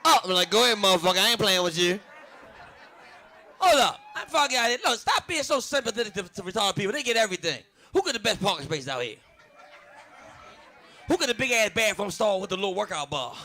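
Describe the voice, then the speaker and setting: A man's voice: high voice, sing-song, fast talker, bright, forceful tone, some chatter behind. A man from Baltimore doing a profane stand-up comedy set, brash and laughing at his own jokes.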